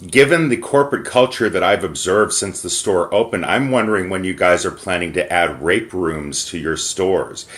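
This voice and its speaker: An American man making an angry complaint call over the phone, emphatic and pausing to choose his words. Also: low voice, fairly bright tone. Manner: indignant, emphatic, pauses to pick words. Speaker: caller reporting to corporate. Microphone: phone call recording.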